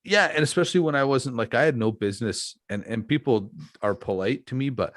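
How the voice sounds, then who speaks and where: A man's voice: mid-range voice, brisk, no echo, studio quality. A middle-aged man hosting a podcast, chatting candidly and telling reflective stories about his past work. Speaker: podcast host. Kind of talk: casual podcast chat.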